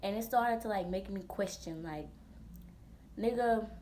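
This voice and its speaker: A woman in her twenties, a vlogger telling a storytime in a blunt, profane, animated way full of slang. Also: mid-range voice, a little slow, slight background noise. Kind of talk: storytime vlog.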